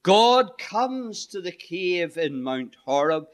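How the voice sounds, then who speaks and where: Male preacher, slow and measured sermon delivery, fairly high voice. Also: sing-song. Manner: slow, deliberate scriptural preaching with dramatic pauses.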